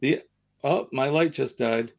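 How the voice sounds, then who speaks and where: A man's voice: medium pitch, a little slow, creaky. A man with a Southern American accent hosting a live stream, chatting casually and rambling with many fillers. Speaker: livestream host.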